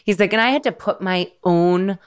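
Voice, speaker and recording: A woman's voice: mid-range voice, normal speed, smooth. A woman in her thirties hosting a podcast, telling an emotional story in a casual, earnest way with lots of quoted dialogue. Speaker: podcast host.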